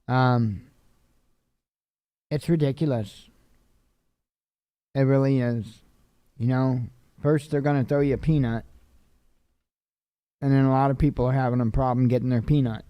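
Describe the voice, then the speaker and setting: A man's voice: mid-range voice, fairly even intonation, measured pace, pauses often, smooth, no echo, dull audio. A tired man reading news headlines aloud and adding offhand casual comments. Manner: tired, yawning, offhand asides.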